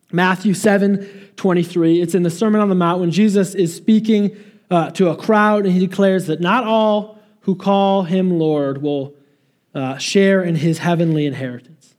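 Pastor guy preaching, fairly high voice, earnest, leans hard on the big words. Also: darkish tone. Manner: earnest, emphatic preaching with slow stressed phrases. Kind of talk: sermon.

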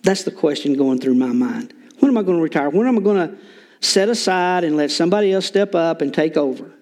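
A man's voice: fairly high pitch, lively intonation, fairly quick, darkish tone. An older man preaching an informal sermon in a church, folksy with joking asides and lots of fillers. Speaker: lay preacher.

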